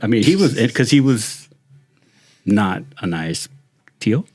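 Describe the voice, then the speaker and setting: Middle-aged retired deputy, husky and animated, loose swearing storyteller. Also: male voice, lowish voice, a little slow. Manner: animated, laughing, swearing freely. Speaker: retired sheriff's deputy, guest. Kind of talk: casual storytelling chat.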